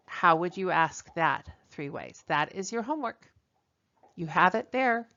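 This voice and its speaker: A woman's voice: deep voice, expressive, moderate pace, pushed and bright. A woman teacher giving a language lesson, explaining step by step and translating each example. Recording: dull lo-fi recording.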